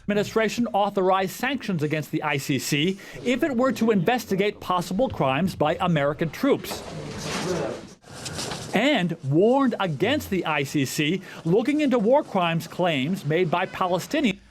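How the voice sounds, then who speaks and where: Male news anchor, formal, measured, high voice. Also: very animated, slight background noise. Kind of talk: scripted news report.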